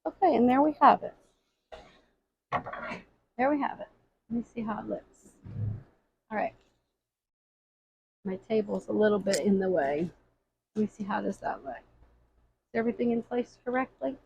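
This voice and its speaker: Woman craft tutor, chatty and repetitive, gravelly tone, slightly muffled home recording. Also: medium pitch, lively intonation, normal speed, long pauses, a little mellow, slight background noise. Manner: chatty, repeats phrases while working. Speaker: floral craft instructor. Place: craft workroom at a table.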